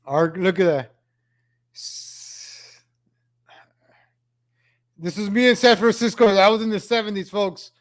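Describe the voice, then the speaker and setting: A man with a high voice comments slowly on old street footage, pausing often. He rants with evident exasperation, repeating his phrases over and over.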